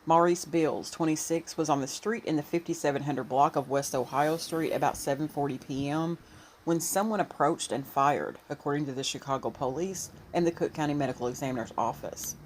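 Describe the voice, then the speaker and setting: A woman YouTube commentator reading posts and a news item aloud, with soft asides in between. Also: deep voice, a little fast, a little hiss or hum.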